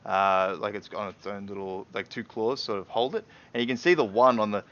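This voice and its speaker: A man with a lowish voice narrates a tabletop game as game master, describing the scene in a loose, rambling way full of "um" and "sort of". The audio is dull and lo-fi, like a home stream. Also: fairly quick, fairly bright tone.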